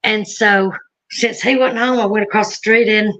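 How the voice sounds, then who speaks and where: A woman's voice: medium pitch, steady tone, moderate pace, fairly bright tone, highs cut off, slight background noise. A woman from Alabama with a Southern accent, telling her story in a chatty, rambling way with frequent laughs. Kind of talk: casual storytelling on a live stream.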